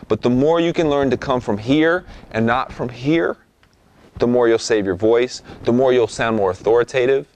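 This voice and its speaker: A man's voice: medium pitch, no room sound. Casual man teaching vocal technique. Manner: casual, demonstrative, checks in with "okay?". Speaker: rap vocal instructor. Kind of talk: instructional talk.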